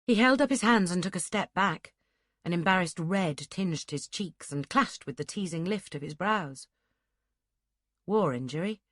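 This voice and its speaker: Low, dry-voiced woman narrating. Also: normal speed, a bit bright, dry recording. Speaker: audiobook narrator. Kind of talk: scripted narration.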